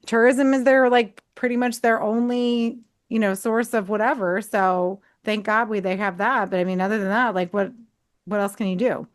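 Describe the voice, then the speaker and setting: A woman's voice: mid-range voice, fairly even intonation, normal speed. Chatty woman podcast co-host. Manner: chatty, many fillers like "like" and "you know". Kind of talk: casual chat.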